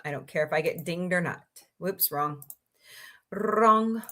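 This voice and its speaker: A woman's voice: fairly low pitch, a little slow, sharp tone. A woman hosting a casual livestream, chatting in a rambling way, sniffly, and greeting viewers by name. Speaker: livestream host.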